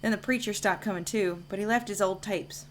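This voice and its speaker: A woman's voice: mid-range voice, brisk, slight background noise, natural voice. A woman reading the lines of a reflective male church janitor from a narrative video game in her own everyday voice, in a musing, matter-of-fact way.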